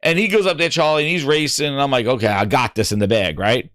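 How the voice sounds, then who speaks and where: A middle-aged man hosting a gaming show, telling an excitable story and acting out what other people said. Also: mid-range voice, fast, no room sound, studio quality. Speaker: gaming podcast host. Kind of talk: animated storytelling.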